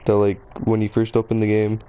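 Low, mellow-voiced rambling male streamer. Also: completely flat delivery, fairly quick, clear, resonant tone, rough recording. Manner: rambling, chatty, self-deprecating. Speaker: game streamer. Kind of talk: casual live game streaming.

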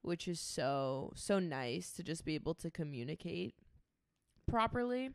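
A young woman in her twenties co-hosting a podcast, chatting in a relaxed way with lots of "like"s. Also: sits low, unhurried, no room sound, studio quality. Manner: relaxed, filler-heavy speech with many "like"s. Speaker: podcast co-host. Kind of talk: casual chat.

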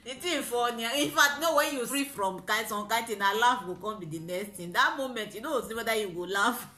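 A young Nigerian woman vlogger recounting a story time in a car, animated and mixing pidgin with laughter. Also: fairly high pitch, fairly quick, reverberant, faint music behind.

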